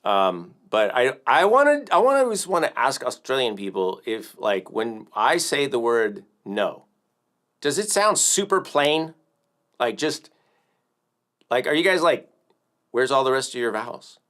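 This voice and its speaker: A man's voice: mid-range voice, big pitch swings, measured pace, fairly bright tone. An American man hosting a casual music livestream, rambling and joking, with plenty of fillers and restarts. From United States. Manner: rambling, joking, with many fillers and self-corrections. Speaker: livestream host and drum teacher.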